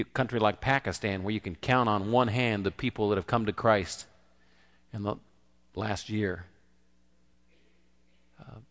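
Man preaching in an echoing hall. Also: on the low side. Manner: conversational preaching, acts out the quoted voices. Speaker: pastor. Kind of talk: sermon.

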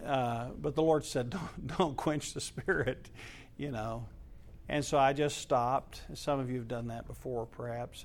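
A male pastor delivers a sermon as a story, pushing hard on key lines and then dropping to a hush. His voice sits a little high and has a gravelly edge. He sounds earnest and emphatic throughout.

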